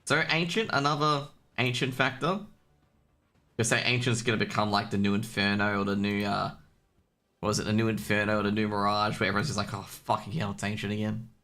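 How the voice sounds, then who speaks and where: A man with an Australian accent and a low-set but bright, cutting voice. He talks as a solo stream caster, rambling and joking between points. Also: fairly even intonation, brisk, faint music behind. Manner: chatty, rambling, jokey. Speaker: esports caster. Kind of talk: casual solo stream commentary.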